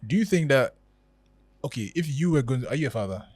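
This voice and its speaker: A man co-hosting a podcast, asking questions in a relaxed, joking way. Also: mid-range voice, fast talker, breathy edge, no room sound. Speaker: podcast co-host. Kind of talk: casual podcast chat.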